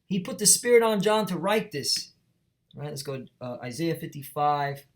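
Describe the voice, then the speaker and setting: A man's voice: on the high side, lively intonation, moderate pace. A man teaching from the Bible in an emphatic, preachy way, reading verses aloud and checking in with the listener as he goes. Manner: emphatic, repeats "all right?" and "man". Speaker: street preacher.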